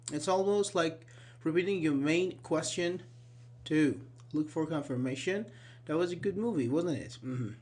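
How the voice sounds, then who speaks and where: A man with a fairly high voice teaches an online English grammar class, explaining patiently and repeating key words. He asks his students questions and fills his speech with words like "actually."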